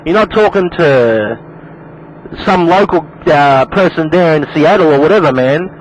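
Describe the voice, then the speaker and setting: An Australian man talks over long-distance CB radio with a high voice and a light hiss of static behind him. He loops back on the same phrases and tosses in "man" at the end of almost every line. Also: animated, unhurried, highs cut off. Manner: repetitive, calls everyone man. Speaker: CB radio operator. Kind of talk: casual CB radio chat. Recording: noisy radio skip.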